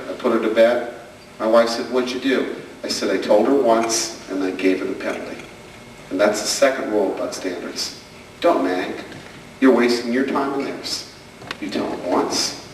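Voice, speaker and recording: A man's voice: mid-range voice, a little hiss or hum. A man doing stand-up storytelling about family life, acting out the people in his stories, recorded on a camcorder far off in a large hall. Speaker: stand-up comedian and speaker. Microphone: camcorder from the audience.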